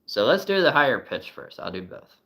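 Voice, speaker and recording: A man's voice: mid-range voice, very animated, brisk, gravelly, sharp tone. A man hosting a casual livestream from a relative's house, rambling and chuckling between remarks. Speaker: livestream host. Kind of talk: casual live-stream chat.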